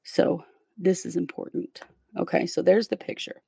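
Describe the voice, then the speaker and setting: A woman's voice: fairly low pitch, steady tone, normal speed, creaky, warm tone, husky, no echo. A woman hosting a podcast, telling a true crime case in a casual, step-by-step way with fillers. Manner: conversational, recounts events step by step with fillers.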